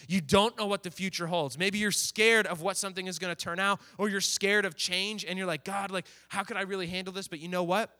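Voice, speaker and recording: A man's voice: sits high, pushed and bright. A man preaching to a youth group in a casual, conversational way, often acting out what teenagers think and say. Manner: conversational, plays out teens' inner voices. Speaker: youth pastor.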